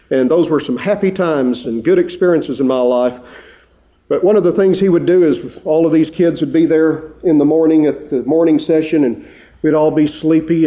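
Middle-aged male preacher, mellow and slightly high voice, earnest pulpit delivery with fervent swells. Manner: earnest, rising to fervent appeals. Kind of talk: sermon.

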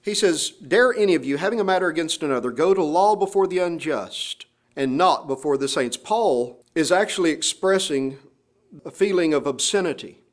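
A male pastor delivers an expository sermon in a church, his voice sitting a little on the high side. He reads scripture with deliberate emphasis and then explains it plainly to the congregation. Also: expressive.

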